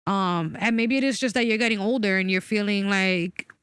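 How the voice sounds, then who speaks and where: A woman's voice: mid-range voice, normal speed, fairly bright tone, smooth, dry recording, studio quality. A woman in her forties talking candidly and emphatically about a personal experience, swearing freely. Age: 40s. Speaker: guest.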